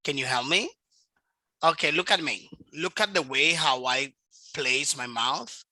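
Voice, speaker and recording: A woman teaching English to a child over a video call, speaking slowly and patiently and modelling each word's pronunciation. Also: sits low, pushed and bright, dry recording, poor audio. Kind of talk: online class with a child.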